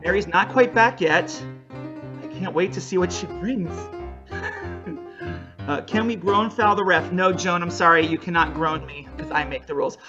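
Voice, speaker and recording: An energetic improv comedy referee hosting a virtual show from home over a video call, joking playfully with the audience. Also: medium pitch, normal speed, muffled recording, over music. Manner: jokey, energetic, playful asides. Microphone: home video call mic.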